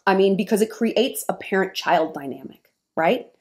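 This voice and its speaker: A woman's voice: medium pitch, animated, normal speed. A woman vlogger giving frank, opinionated dating advice in an emphatic talk to the camera. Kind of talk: monologue to camera.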